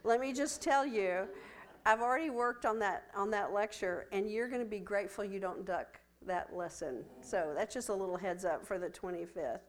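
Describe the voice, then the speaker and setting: A woman's voice: medium pitch, moderate pace. A woman, chatty and friendly, giving Bible study announcements. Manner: chatty, friendly, uses y'all. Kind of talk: church announcements.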